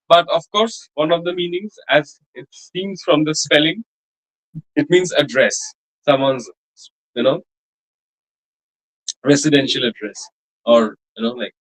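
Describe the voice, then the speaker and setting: A man with a noticeably high voice teaches a French lesson. He explains each point plainly and drills words over and over at an unhurried pace. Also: fairly bright tone, rough recording. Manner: slow, patient pronunciation drills with repetition. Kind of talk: language class instruction.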